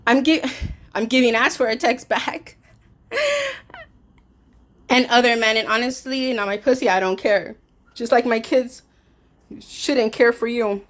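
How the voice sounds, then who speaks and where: A woman's voice: on the high side, steady tone, moderate pace. A woman telling a storytime vlog in a heated, swearing way, acting out both sides of an argument. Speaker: vlogger; caregiver.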